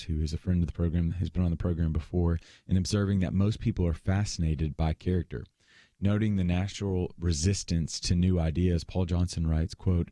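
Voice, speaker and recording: A man's voice: low-pitched, mellow, dry recording, clean studio sound. A young man guest-hosting a radio talk show, giving loose conversational commentary with frequent fillers and restarts.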